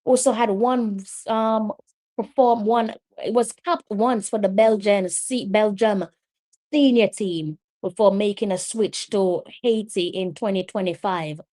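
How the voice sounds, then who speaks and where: A woman streams live match commentary in a loose, conversational way, talking straight into her microphone. She is chatty between plays and breaks into loud, exasperated exclamations when the action turns. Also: mid-range voice, unhurried. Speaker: watch-along match commentator.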